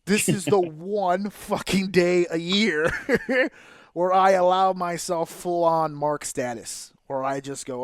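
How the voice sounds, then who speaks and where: A man hosting a podcast, excitable, swearing freely and laughing often. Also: sits high, slow pace, clear, resonant tone, no room sound, studio quality. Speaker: podcast host. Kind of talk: casual chat.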